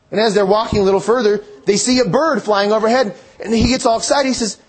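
A man's voice: sits high, fairly quick, breathy edge. A man preaching a sermon in an earnest, conversational way, quoting scripture and telling stories.

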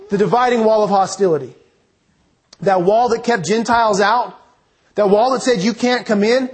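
Husky, high-voiced male preacher. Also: a little mellow. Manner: earnest, emphatic, slows to read scripture aloud. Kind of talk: expository sermon.

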